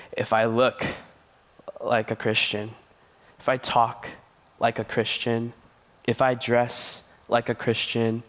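A man's voice: medium pitch, a bit bright. A man preaching as a youth pastor, telling stories with playful voices and laughter. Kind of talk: sermon.

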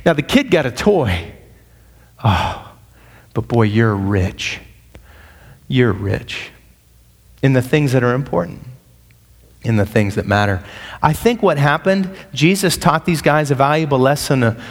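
A man's voice: on the high side, expressive, moderate pace. Male pastor preaching in a reverberant hall. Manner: conversational, joking asides, verse-by-verse. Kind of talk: sermon. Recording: long reverb of a large hall.

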